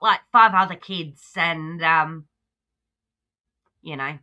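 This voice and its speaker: A woman's voice: fairly low pitch, sing-song, takes it slowly, pauses often, sharp tone. An Australian woman hosting a livestream, chatting casually and talking back at the clip she reacts to. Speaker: livestream host.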